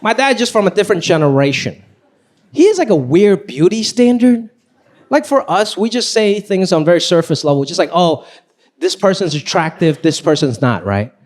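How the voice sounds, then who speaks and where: A man performing live stand-up comedy, telling stories with high energy. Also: brisk. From Los Angeles. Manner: animated, high-energy storytelling. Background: audience laughing.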